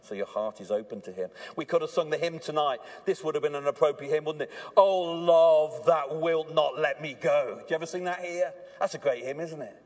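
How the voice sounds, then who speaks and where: A fairly high-pitched man talks fast with few pauses as he preaches at an evening church service. He's earnest, alternating between hushed warnings and fervent emphasis.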